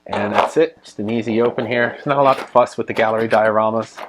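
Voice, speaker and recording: A man giving a casual unboxing review of a collectible statue, relaxed and full of ums and uhs as he handles it. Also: on the low side, quick pace, very noisy. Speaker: toy reviewer.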